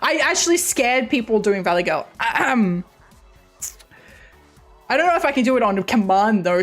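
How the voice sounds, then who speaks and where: A woman's voice: on the high side, big pitch swings, moderate pace, long pauses, soft background music. A woman streamer chatting casually to her viewers, bubbly, rambling and giggly. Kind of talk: casual chat on a game stream.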